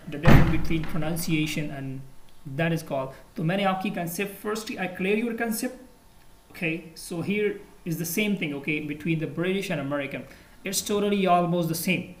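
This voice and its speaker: Man, Pakistani accent, English tutor, rapid, filler-heavy, roomy echo. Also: a little high, slight background noise. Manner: explains with many fillers, mixes in Urdu. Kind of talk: online English lesson.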